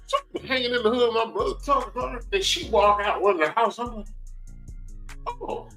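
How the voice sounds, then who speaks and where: A man's voice: extremely high pitch, faint music behind, low-quality recording. A man co-hosting a casual podcast, telling stories in slang and laughing easily. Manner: lively, slangy, quick to laugh. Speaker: podcast co-host. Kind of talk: casual storytelling chat.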